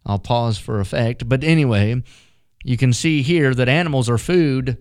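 A man's voice: mid-range voice, normal speed, darkish tone, clear, resonant tone, dry recording, studio quality. A man preaching a radio sermon as pastor, folksy and emphatic, mixing jokes into the message.

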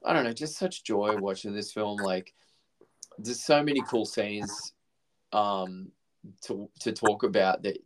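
On a podcast, a co-host with a lowish voice takes his time discussing a film. He's easygoing, swears a great deal, and keeps restarting his rambling thoughts; a little hiss or hum is audible.

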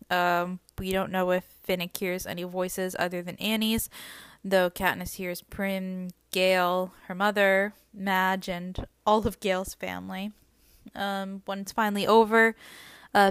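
A woman's voice: lowish voice, a bit bright, clear, resonant tone, no room sound, studio quality. A woman hosting a book podcast, casually recapping chapters and reading passages aloud, with frequent ums and uhs. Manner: chatty, many ums and uhs.

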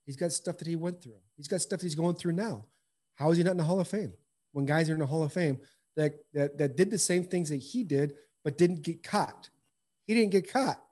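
A man's voice: a little high, mellow, husky. A man telling a story in a casual chat, blunt and emphatic, with slang and repeated words. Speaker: former baseball player as guest.

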